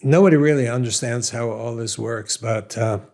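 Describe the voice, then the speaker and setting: An older man with a Brooklyn accent speaks at a middle pitch as an interview guest. He talks through his ideas thoughtfully, with restarts and a self-deprecating touch. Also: moderate pace, darkish tone. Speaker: scientist guest. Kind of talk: conversational interview.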